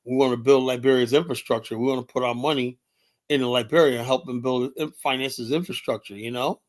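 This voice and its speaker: A man hosts a solo livestream, talking in an emphatic, heated way. He swears freely and fills his sentences with "you know". His voice sits at an ordinary pitch for a man. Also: fairly even intonation, a little fast. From United States. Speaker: livestream host.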